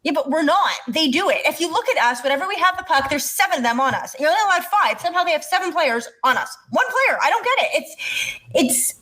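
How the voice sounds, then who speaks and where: A young woman from the Montreal area chats on a podcast with a high, bright-toned voice. She rants in an animated, exasperated way, with her pitch climbing as she gets worked up. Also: fast talker, few pauses. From Montreal area, Canada. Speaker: podcast co-host. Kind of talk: casual chat.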